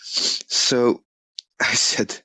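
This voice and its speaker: A man's voice: very slow, pushed and bright, no echo. A man talking in a casual interview, rambling and chuckling, with many fillers.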